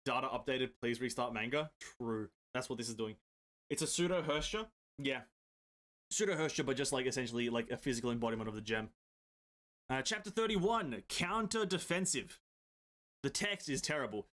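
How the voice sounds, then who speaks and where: Excitable, swearing guy reading a comic. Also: medium pitch, moderate pace. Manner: excitable, swears freely, mumbles through hard names. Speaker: gaming video creator. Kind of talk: casual reading of a comic aloud.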